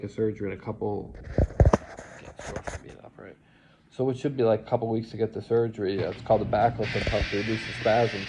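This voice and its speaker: A man's voice: fairly low pitch, creaky. A man rambling through an agitated personal monologue, swearing now and then. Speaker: vlogger. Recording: lo-fi recording with faint hiss.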